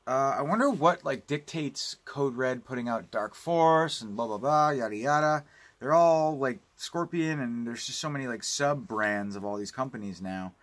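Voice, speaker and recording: Medium in pitch and fairly bright, this man speaks at a normal speed. He is a home video collector vlogger casually unboxing and reviewing home video releases, rambling, ranting and swearing freely.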